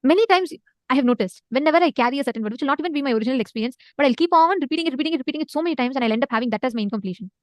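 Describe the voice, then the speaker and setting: Woman, Indian English accent, high voice, quick earnest delivery, dry close sound, online spiritual teacher. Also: animated, dry recording. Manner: earnest, urging the audience to respond.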